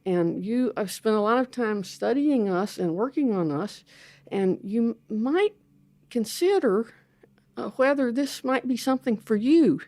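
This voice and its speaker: A woman's voice: fairly high pitch, animated, a little slow, warm tone, no room sound, pitched above the performer's own voice. A woman voicing a group of old desert monks who patiently coax her, speaking kindly and persuasively. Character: gentle coaxing old desert monks, male.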